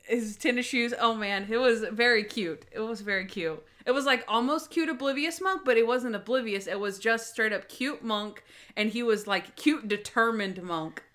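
A young woman in casual podcast chat, animatedly retelling TV scenes and acting out quotes. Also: moderate pace. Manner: animated, acts out quotes with big pitch jumps. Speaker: podcast co-host. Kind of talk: casual chat recapping a TV show.

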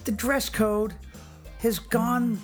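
A man's voice: very high-pitched, fairly even intonation, extremely slow, soft background music. A man co-hosting a podcast, bantering in a mock-indignant improvised comedy bit. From Canada. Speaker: podcast co-host.

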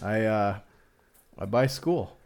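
A man voicing a confused male coworker who speaks halting broken English and hums and pauses before each answer. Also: fairly low pitch, animated, creaky, a little mellow, a little hiss or hum, exaggerated voice. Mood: befuddled. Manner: halting, hesitant, with long humming pauses.

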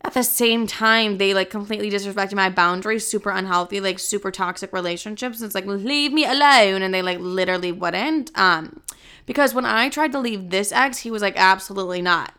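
A woman's voice: mid-range voice, brisk, bright, forceful tone, smooth. A woman in her twenties telling a dating story in a casual, chatty way, full of "like" and swear words. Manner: chatty, heavy "like" filler, frequent swearing.

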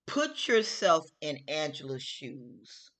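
A middle-aged woman hosting her own show, giving her opinion in a slow, emphatic, chatty way and repeating her phrases. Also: low-pitched, sing-song, a bit bright. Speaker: host. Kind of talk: casual opinion talk.

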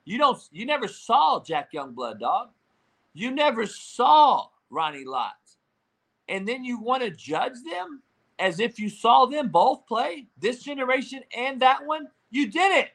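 High-voiced man ranting about sports. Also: big pitch swings, measured pace, vocal fry. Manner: profane, combative, shouting bursts. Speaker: sports commentator.

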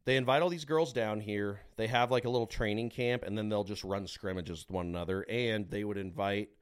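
A man's voice: on the low side, brisk, smooth. Profane storytelling man on a podcast. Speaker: podcast co-host. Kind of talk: casual storytelling chat.

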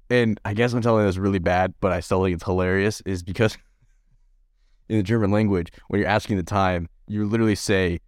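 Deep-voiced man rambling about a film. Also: steady tone, fairly quick, darkish tone, no room sound, studio quality. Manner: rambling, self-deprecating, amused by his own jokes. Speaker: podcast co-host. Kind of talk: casual film discussion.

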